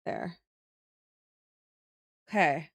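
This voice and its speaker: A woman streamer, out of breath, chatting casually and thinking aloud while she draws on a livestream. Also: extremely slow. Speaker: streamer drawing emotes.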